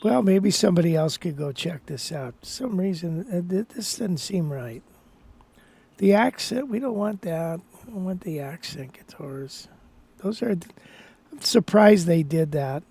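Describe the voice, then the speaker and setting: Gravelly, husky man chatting casually. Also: high-pitched, animated, unhurried, warm tone. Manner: rambling, thinks aloud with restarts. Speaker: guitar teacher hosting a live stream. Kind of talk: casual live-stream chat.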